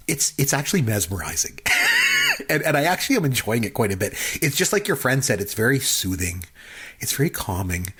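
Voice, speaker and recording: A man co-hosting a podcast, telling a rambling, animated story in casual chat. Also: medium pitch, slightly rough. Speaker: podcast co-host.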